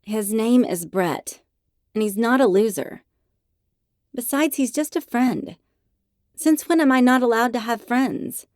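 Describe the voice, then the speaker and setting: A woman's voice: fairly high pitch, animated, moderate pace, warm tone, dry recording, clean studio sound, pitched above the performer's own voice, natural voice. A woman voicing an exasperated young woman who argues with her boyfriend in a raised, indignant, pleading tone.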